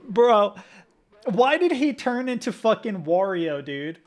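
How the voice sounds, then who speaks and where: A man's voice: sits high, very animated, slow pace. A man from Kentucky reacting casually to videos as a streamer, chatty, swearing freely and laughing often.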